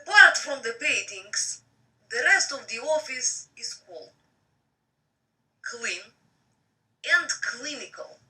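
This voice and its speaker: Slow bright-voiced Russian-accented woman reading. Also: high-pitched, animated, far from the mic, low-quality recording. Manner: slow, breathy-soft reading, flirty asides to viewers. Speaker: live-stream host reading a book aloud. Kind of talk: bedtime story reading with chatty asides. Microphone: phone.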